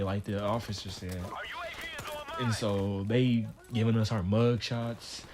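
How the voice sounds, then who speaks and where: A man's voice: on the low side, level tone, slow pace, background noise. A young man casually telling a story on his channel, in a laid-back, slangy way. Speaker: channel host. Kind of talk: storytime vlog.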